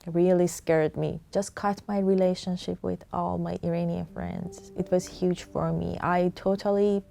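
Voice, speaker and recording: A woman answering interview questions slowly and haltingly, quietly. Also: on the low side, level tone, creaky.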